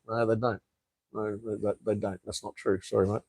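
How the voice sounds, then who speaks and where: A man's voice: on the low side, lively intonation, normal speed, warm tone, no room sound. Swearing, rambling Australian man on a live stream. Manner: rambling, swears freely, frequent fillers and restarts. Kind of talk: casual live-stream chat reading viewer comments. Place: home in Cambodia.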